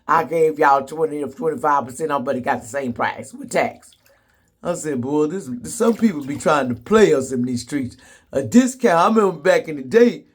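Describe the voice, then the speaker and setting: A man telling comedic stories to the camera in a sassy, blunt way, laughing often. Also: fairly high pitch. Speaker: vlogger. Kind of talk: casual comedic storytelling.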